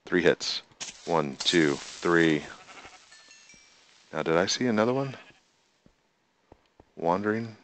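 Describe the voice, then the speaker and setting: A gameplay host offers casual commentary, talking to himself, counting and chatting with the in-game animals. His low voice is lively yet slow with many pauses, fairly bright in tone, with a little hiss or hum.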